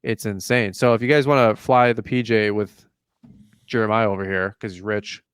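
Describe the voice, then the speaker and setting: On a casual podcast, a man with a lowish, fairly even voice talks at a moderate pace, his tone clean and the studio sound free of echo. He jokes, laughs often, and acts out both sides of the conversations he recounts.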